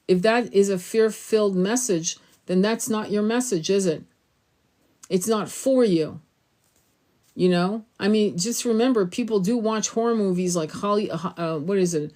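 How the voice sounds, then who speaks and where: A middle-aged woman hosting a tarot channel, talking in a rambling, emphatic way, swearing freely and acting out quotes in a higher voice. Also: a little slow, a little mellow. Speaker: tarot reader and spiritual channel host. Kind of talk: casual spiritual monologue.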